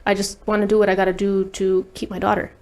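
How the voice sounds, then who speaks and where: A woman's voice: mid-range voice, flat delivery, fast, a little mellow. Woman on a podcast just telling it straight, cussing a lot, lots of "like". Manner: blunt, profane, heavy use of "like". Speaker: guest recording artist. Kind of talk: candid personal storytelling in interview.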